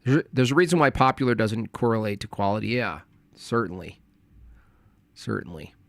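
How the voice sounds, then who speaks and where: A man talking on a live stream, tearing into a video he is watching with mocking asides and frequent laughs. His voice sits at an ordinary pitch and sounds close and dry, with no room around it. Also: moderate pace, gravelly, dry recording. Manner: mocking, animated, laughs often. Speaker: streamer reacting to a debate. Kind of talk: casual commentary.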